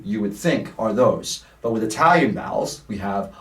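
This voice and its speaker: A man's voice: lowish voice, expressive, moderate pace. A man teaching a singing lesson, explaining vowels patiently and singing short vowel examples. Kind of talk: vocal lesson. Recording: roomy sound, mic at a distance.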